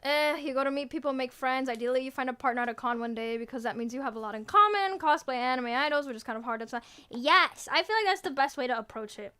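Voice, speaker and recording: High-pitched and fast, with few pauses, this young woman's voice is bright, forceful and clean. She's a VTuber in casual stream chat, teasing and playful with viewers as she answers them, often laughing and stopping herself partway through sentences.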